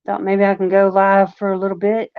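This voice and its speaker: A woman's voice: medium pitch, completely flat delivery, brisk, clear, resonant tone, no room sound. A woman with a Long Island accent hosting a casual livestream, chatting in a rambling way full of fillers. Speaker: livestream host. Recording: dry, slightly dull lo-fi recording.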